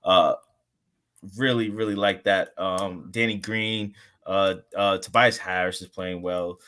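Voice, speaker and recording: Laid-back low-voiced man talking sports. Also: steady tone, unhurried, sharp tone. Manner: laid-back, laughs often, says "man" a lot. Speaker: podcast host. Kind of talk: casual sports chat.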